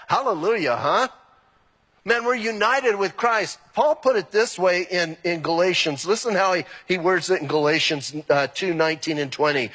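A pastor preaching a sermon with animated, emphatic delivery and exclamations. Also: male voice, high-pitched, normal speed, breathy edge, big-room sound. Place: church sanctuary.

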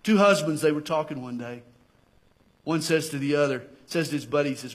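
A male pastor with a Southern US accent, preaching a sermon with passion that swells to near-shouts. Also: a little high, a little fast.

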